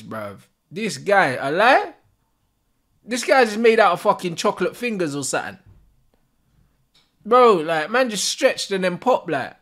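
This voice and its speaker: A young man giving a live, sweary football watch-along, shouting at players and the referee in street slang. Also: high-pitched. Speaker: football fan streamer.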